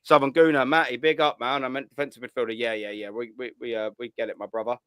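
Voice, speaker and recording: A man's voice: mid-range voice, little pitch movement, fast, pushed and bright, smooth, no room sound, studio quality. A man hosting a live call-in stream, talking in blunt, laddish banter full of swearing. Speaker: host of a call-in show. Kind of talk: casual live stream chat.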